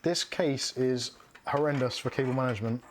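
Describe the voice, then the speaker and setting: A man's voice: medium pitch, moderate pace, a little hiss or hum. Chatty man building a PC. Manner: frank, chatty, laughs often. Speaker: streamer building a PC. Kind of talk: casual livestream chat.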